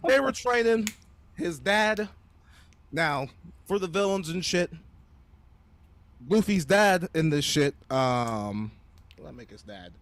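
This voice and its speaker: Animated, profane young man telling a story. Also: fairly high pitch, takes it slowly, long pauses, no room sound. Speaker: podcast panelist. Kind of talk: casual storytelling chat.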